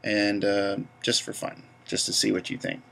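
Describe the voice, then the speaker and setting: A man's voice: fairly low pitch, level tone, moderate pace, creaky, fairly bright tone. A young man from Georgia with a Southern accent, casually rambling through a vlog and reading a word list aloud. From Georgia, USA. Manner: rambling, easygoing. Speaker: vlogger.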